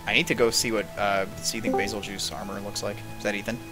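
A man's voice: lowish voice, level tone, fast, loud music behind the voice. A man in his twenties streaming a video game, chatting casually in a rambling, laid-back way with lots of fillers and the odd swear. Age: 20s. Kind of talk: casual chat while streaming.

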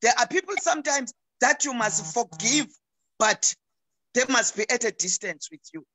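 A woman's voice: a little high, animated, normal speed, a bit bright. A middle-aged South African woman, a pastor speaking as a talk show guest over a video call, preaching emphatically and often repeating words as she restarts.

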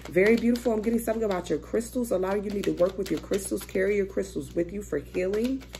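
A woman's voice: medium pitch, fast talker, mellow, slight background noise. A young woman doing a casual, chatty tarot reading, swearing freely and thinking aloud as she turns cards. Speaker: tarot reader.

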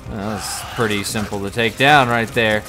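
A man's voice: on the low side, steady tone, moderate pace, faint music behind. Chatty man commenting on a game. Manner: chatty, shouts and yelps when startled. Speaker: gamer playing through a game. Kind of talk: casual let's-play commentary.

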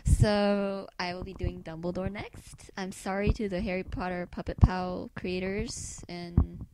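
A woman's voice: fairly low pitch, little pitch movement, unhurried. A woman chatting casually in a solo vlog, hesitant and self-mocking, with many fillers. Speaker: vlogger. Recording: hissy home recording.

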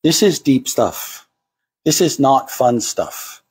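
A man's voice: medium pitch, very animated, takes it slowly, a little mellow, breathy edge. A man preaching to a congregation, acting out the voices of the people he quotes. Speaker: pastor. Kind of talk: sermon.

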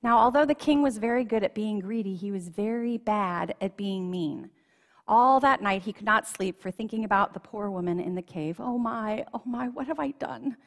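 A woman's voice: mid-range voice, moderate pace, big-room sound. A woman reading a children's storybook aloud in a church, telling it expressively and lingering on key phrases. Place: church sanctuary.

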